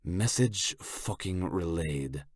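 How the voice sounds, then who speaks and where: A man voicing a menacing, slick Italian crime boss in an audiobook, with a put-on Italian accent and a slow, smug, suggestive delivery. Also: deep voice, expressive, no room sound, clean studio sound, exaggerated voice. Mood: cold. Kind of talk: audiobook character voice.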